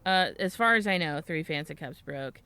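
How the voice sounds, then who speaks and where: A woman's voice: low voice, lively intonation, moderate pace, sharp tone, clear, resonant tone. A young woman co-hosting a podcast, telling a rambling story in casual chat, swearing freely and laughing often. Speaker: podcast co-host.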